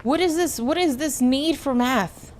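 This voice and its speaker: A woman VTuber from the United States streams a game, playfully chatting with viewers and answering chat. Her voice is high, a little slow and a little mellow, with a touch of hiss or hum in the audio.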